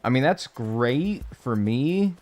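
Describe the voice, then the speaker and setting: A man's voice: medium pitch, lively intonation, slow, a little mellow, faint music behind. A man in his twenties, a game streamer chatting casually with live viewers in a rambling, joking way. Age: 20s. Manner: rambling, joking, full of filler "like".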